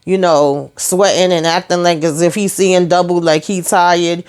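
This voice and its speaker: Sassy, smooth-voiced woman recapping a show. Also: lowish voice, unhurried. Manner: sassy, animated storytelling with asides. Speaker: TV episode recap host. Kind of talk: casual TV recap.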